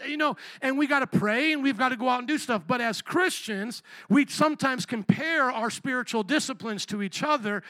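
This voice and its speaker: Pastor guy preaching, really high voice, bright and punchy, dry close mic. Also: dry recording. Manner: animated storytelling, acts out quotes. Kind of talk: sermon.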